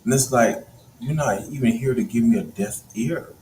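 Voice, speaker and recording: A man's voice: medium pitch, normal speed, dark tone. A man co-hosting a casual talk, speaking emphatically and breaking into incredulous exclamations. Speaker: co-host. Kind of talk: casual chat. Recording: distant mic in an echoey room with faint noise.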